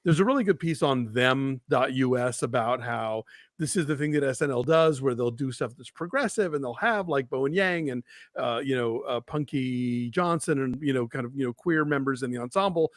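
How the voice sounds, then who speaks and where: A man's voice: mid-range voice, moderate pace, no room sound, clean studio sound. A man co-hosting a movie news livestream, talking casually and with opinions, full of restarts and fillers. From Georgia, US. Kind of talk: casual chat.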